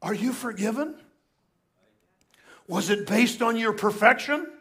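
An older male pastor preaches a sermon in a high, light voice, expressive and a little slow. He tells stories, swinging between hushed moments and loud, emphatic bursts.

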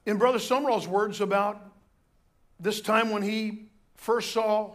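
High-voiced pastor preaching casually. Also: male voice, steady tone, slow. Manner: conversational, joking asides, restarts. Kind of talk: sermon.

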